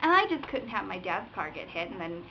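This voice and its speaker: A woman's voice: mid-range voice, very animated, fairly quick. A young woman vlogger telling a driving story in a casual rant, acting out other drivers with sound effects and curses. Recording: dull lo-fi webcam audio with faint noise.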